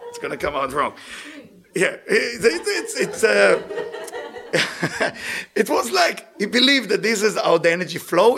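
Animated man. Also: sits high, creaky, breathy edge. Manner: animated, laughs while telling stories. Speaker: Torah teacher. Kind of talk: religious lecture with storytelling.

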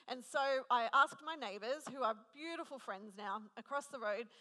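At a moderate pace and with a sharp edge, a woman in her thirties shares a personal story as a sermon at a women's gathering. Her voice is a little high, and her manner is chatty and self-deprecating. The hall gives a long reverb.

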